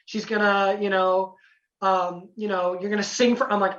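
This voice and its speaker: A young man telling a casual story as a podcast guest, lively, acting out quotes, with lots of "you know" fillers. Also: high-pitched, moderate pace. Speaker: podcast guest, former singing contestant. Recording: roomy, distant, dull lo-fi sound.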